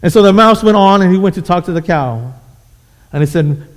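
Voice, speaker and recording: A man's voice: high-pitched, animated, a little fast. A man preaching a sermon, telling a fable with emphatic, repetitive phrasing. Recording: echoey hall.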